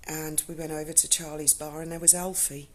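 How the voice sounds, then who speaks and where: Low-voiced blunt woman. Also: little pitch movement, brisk, slight background noise. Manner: emotional, blunt, swears freely. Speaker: vlogger telling a personal story. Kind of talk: casual spoken storytelling.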